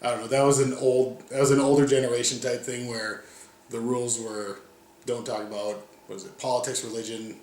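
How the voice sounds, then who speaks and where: A man from the United States, answering interview questions in a relaxed way and often trailing off with "yeah" and "so". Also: medium pitch, fairly quick, a little hiss or hum. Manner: laid-back, trailing off with "yeah" and "so". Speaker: interview guest. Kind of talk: casual conversational answers. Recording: roomy echo.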